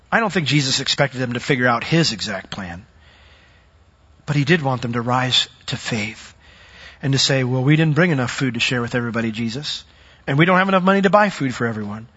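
A man preaching a sermon, animated, who acts out the voices of the people in his story. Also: medium pitch, a little fast, breathy edge, big-room sound. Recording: dull lo-fi recording.

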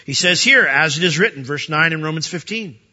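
Guy preaching, husky and bright, kinda dull lo-fi sound. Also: fairly high pitch, a little fast. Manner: animated preaching, acting out quoted voices. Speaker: pastor. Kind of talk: sermon.

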